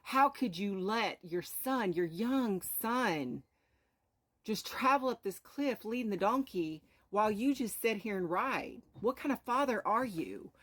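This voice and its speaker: A woman's voice: medium pitch, lively intonation, unhurried, fairly bright tone, pitched above the performer's own voice. A woman voicing a crowd of strangers scolding travellers with outraged, accusing questions. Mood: indignant.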